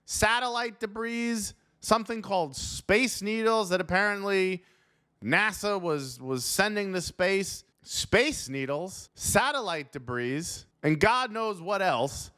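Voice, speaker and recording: A man's voice: high voice, expressive, takes it slowly, bright, forceful tone, clean tone. A young adult male comedian riffing sarcastically on news stories as host of his show.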